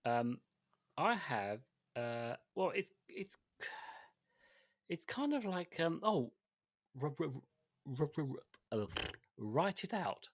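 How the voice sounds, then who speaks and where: A man's voice: fairly high pitch, big pitch swings, takes it slowly, long pauses, no echo, clean studio sound. A man co-hosting a podcast in casual chat, rambling and hesitant, with frequent restarts and fillers. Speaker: podcast co-host.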